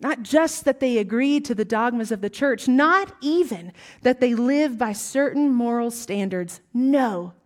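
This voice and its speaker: A woman with a Southern US accent preaching a sermon, with emphatic rising lines and hushed, whispered asides. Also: on the high side, animated, unhurried, few pauses.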